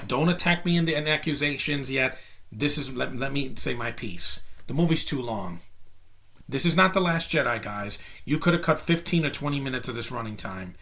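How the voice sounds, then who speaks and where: A man's voice: medium pitch, creaky, pushed and bright. A man giving a casual spoken film review. He rants bluntly and rambles through his opinions. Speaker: movie reviewer.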